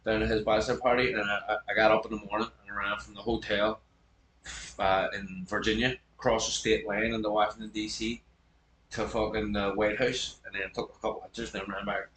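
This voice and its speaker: A man in his thirties, chatting casually as a podcast guest, swearing a lot and rambling with animated energy. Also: on the low side, a little fast. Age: 30s. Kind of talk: casual chat. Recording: echoey room with faint background noise.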